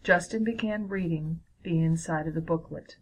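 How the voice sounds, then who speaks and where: A woman reading a children's story aloud in a steady, clear way. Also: deep voice, normal speed, rough recording.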